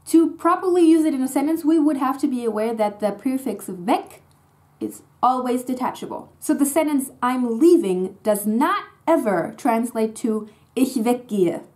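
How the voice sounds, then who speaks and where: A woman's voice: fairly high pitch, a little mellow. A young woman, a native German speaker, giving a casual, chatty lesson that explains grammar in English and stresses her example words. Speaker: German language teacher.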